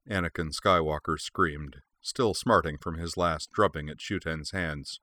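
A man narrating a fan fiction story in a steady, clear storytelling manner. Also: rumbling low, a little slow, dry recording, studio quality. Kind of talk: audiobook reading of fan fiction.

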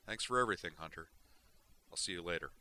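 A man's voice: sits low, animated, fast, sharp tone, heavily acted. A man doing an earnest restless young captain.

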